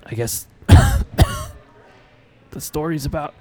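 A man's voice: on the high side, wildly swooping pitch, extremely slow, darkish tone, slightly rough, pitched above the performer's own voice, full character voice. A man voicing a badly wounded, dying man who coughs out his few words in a tabletop game. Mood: weak. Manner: coughing, weak gasped lines.

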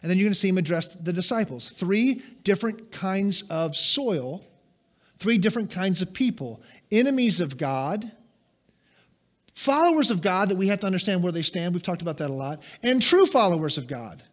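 High-voiced pastor preaching with emphatic swings. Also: male voice, lively intonation, moderate pace. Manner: emphatic, rises and drops sharply for stress; conversational asides to the congregation. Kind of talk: sermon.

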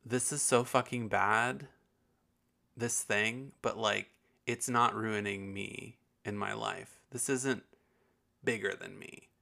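Podcast host, male, lowish gravelly voice, rambling and profane, casual chat. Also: steady tone, slow, sharp tone.

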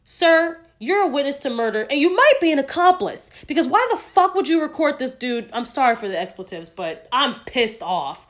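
A woman's voice: high voice, very animated, normal speed, few pauses, fairly bright tone. A woman hosting a solo podcast, speaking emphatically and outspokenly and swearing freely. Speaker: podcast host.

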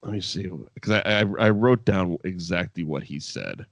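A man's voice: low-pitched, moderate pace, no room sound. A man in a casual podcast chat, telling a wrestling story with lots of swearing and laughter. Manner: profane, laughing, animated storytelling. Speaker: podcast co-host.

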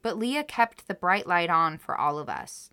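Her voice sits on the low side, sing-song and bright, with a forceful, clear, resonant tone at normal speed. As a podcast co-host telling a story, she reads researched history and quotes aloud in a casual chat, then responds to them with emotion.

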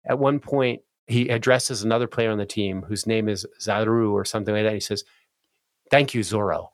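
A man hosting a casual podcast conversation, telling stories with animated restarts. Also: fairly low pitch, brisk, dry recording, studio quality. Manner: animated, self-interrupting storyteller. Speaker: podcast host.

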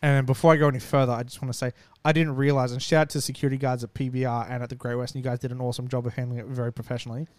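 A man's voice: mid-range voice, racing, few pauses, no room sound. A man casually telling a long, profane story and acting out what people said. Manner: animated, profane, acts out quotes.

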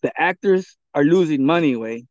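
A man's voice: fairly high pitch, animated, moderate pace, a little mellow, no room sound. A man co-hosting a podcast, chatting casually and profanely, laughing a lot and slipping into Spanish. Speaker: podcast co-host. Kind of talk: casual chat. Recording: dull, dry lo-fi recording.

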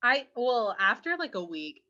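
A woman's voice: on the high side, sing-song, unhurried, sharp tone. A young adult woman co-hosting a casual podcast, telling stories in a chatty way and acting out quotes with little squeals. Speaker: podcast co-host. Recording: dull lo-fi sound.

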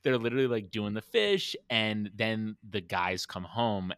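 Podcast guy excitedly retelling movie bits, bright tone, dry mic. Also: fairly low pitch, a little slow, clear, resonant tone, no room sound. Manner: enthusiastic, retells scenes with quoted voices. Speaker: podcast co-host. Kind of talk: casual chat.

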